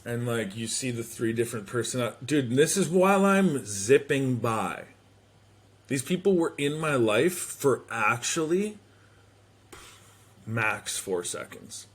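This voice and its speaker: A man hosting a podcast, telling a comedic story in a casual, animated way, swearing and slipping into quick impressions of people. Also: mid-range voice, breathy edge. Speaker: podcast host. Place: home.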